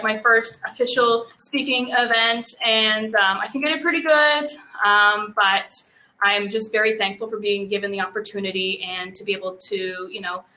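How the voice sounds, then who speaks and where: A woman's voice: mid-range voice, pushed and bright. A woman with a Canadian accent giving an earnest, unscripted speech at a virtual event, speaking eagerly with many ums. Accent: Canadian English. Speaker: grant presenter and business owner.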